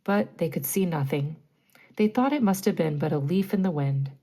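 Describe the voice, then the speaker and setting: A woman narrating a bedtime story, reading gently and clearly. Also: fairly low pitch, normal speed.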